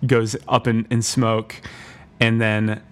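A man co-hosting a comedy podcast, retelling a made-up plot in a rambling, deadpan way with constant restarts. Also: on the low side, slow pace, clean tone. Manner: rambling, full of fillers and restarts, deadpan storytelling. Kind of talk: comedic improvised story retelling.

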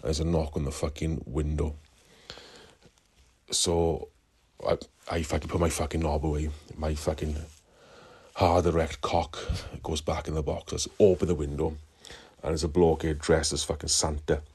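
Welsh man, husky voice, very low pitch, rambling, swears constantly. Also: flat delivery, normal speed, a little mellow. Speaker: caller. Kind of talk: recorded call-in story.

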